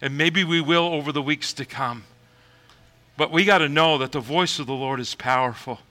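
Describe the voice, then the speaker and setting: A man preaching a sermon, moving from quiet reflection to shouted, high exclamations, with laughs between points. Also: normal speed, low-quality recording. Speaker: pastor.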